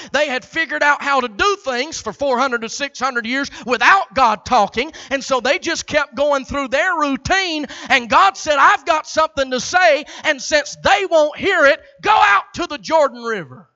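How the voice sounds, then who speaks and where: High, bright-voiced shouting preacher. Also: male voice, lo-fi sound. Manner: rhythmic preaching that swells to shouts. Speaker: pastor. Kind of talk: sermon.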